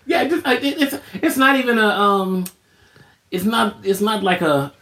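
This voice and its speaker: A man co-hosting a podcast, chatting casually over a remote call, animated and quick to laugh. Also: high voice. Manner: animated, laughs often, acts out gestures in voice. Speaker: podcast co-host. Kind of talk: casual chat.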